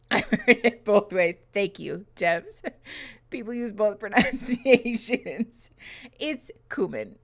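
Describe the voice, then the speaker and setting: A woman's voice: mid-range voice, animated, slow. A woman in her thirties hosting a live reaction stream, chatting playfully with viewers, teasing and laughing often. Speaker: host reacting to a show live. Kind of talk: casual livestream chat.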